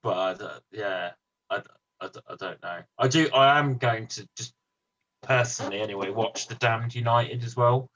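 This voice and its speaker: A man co-hosting a casual podcast chat about football films, animated, laughing easily and stumbling over words. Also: fairly low pitch, moderate pace, lo-fi sound. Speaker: podcast co-host.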